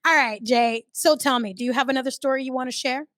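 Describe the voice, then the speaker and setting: A woman's voice: sits high, quick pace, fairly bright tone, no echo, clean studio sound. A woman hosting a casual podcast, joking and reacting playfully. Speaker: podcast host.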